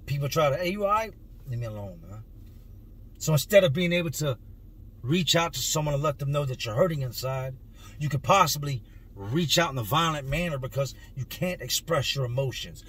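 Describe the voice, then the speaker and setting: A man's voice: fairly high pitch, fairly bright tone, slightly rough. A man in his thirties, a vlogger, telling his own story to camera in an earnest, emotional way, stretching words for emphasis.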